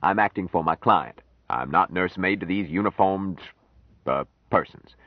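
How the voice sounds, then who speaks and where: Sardonic older lawyer, read by a male audiobook narrator; deep, measured, dry close recording. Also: dry recording, dull audio, close to an everyday voice. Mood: dry, firm.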